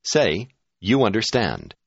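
A man giving scripted narration for a language course, prompting the listener in a clear, measured way. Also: on the low side, wildly swooping pitch, no room sound. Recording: dull, dry studio audio.

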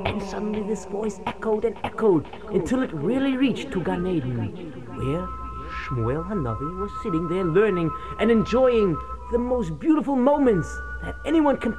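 A woman telling a religious story with dramatic, expressive narration. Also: mid-range voice, moderate pace, over loud music.

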